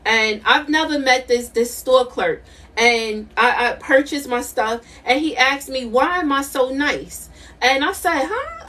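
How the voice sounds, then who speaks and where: A woman's voice: high voice, a bit bright, far from the mic. A middle-aged woman doing a live tarot reading, emphatic and repetitive, laughing often. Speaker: intuitive tarot reader.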